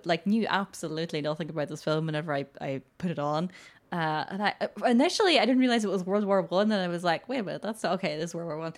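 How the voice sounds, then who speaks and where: A woman co-hosting a casual film podcast, talking with lots of fillers and frequent laughter. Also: medium pitch. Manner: animated, laughs often, many fillers. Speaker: podcast co-host.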